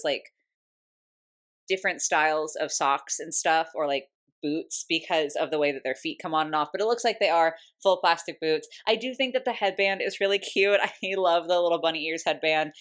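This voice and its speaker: A woman's voice: lowish voice, fairly bright tone. A young American woman giving a casual, candid doll review, chatty and full of "like" fillers, hiccuping now and then. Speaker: doll collector vlogger. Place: home room.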